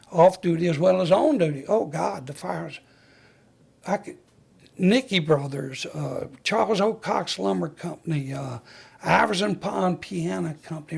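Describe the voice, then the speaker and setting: A man's voice: sits high, creaky, slightly rough. An older man, a retired fire chief, telling stories in an interview in a folksy way and acting out the voices of the people he recalls. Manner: folksy storyteller who acts out the dialogue he recalls. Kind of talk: storytelling interview.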